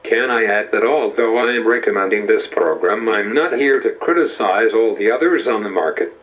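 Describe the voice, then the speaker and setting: This is a synthetic computer voice for a man, set to an American accent and reading at a slow, steady pace. The pitch sits a little low, and the delivery stays even and measured from phrase to phrase. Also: poor audio. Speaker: narrator. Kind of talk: text-to-speech narration.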